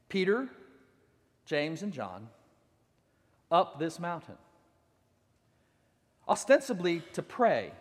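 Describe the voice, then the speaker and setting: A man preaching a sermon, telling the story with dramatic swings and acting out the quotes. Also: high voice. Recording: long hall reverb.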